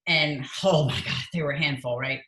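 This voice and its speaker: A woman's voice: sits low, brisk, a bit bright, echoey room, rough recording. A woman hosting a casual prayer-group chat, playful and laughing often. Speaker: host.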